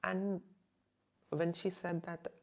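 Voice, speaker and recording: Woman, low voice with gravelly fry, hesitant storyteller full of fillers, slips into near-whispers. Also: little pitch movement, slow. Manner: hesitant, many "you know" fillers, drops to near-whisper at intense moments. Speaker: channel host recounting a personal experience. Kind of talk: emotional first-person storytelling.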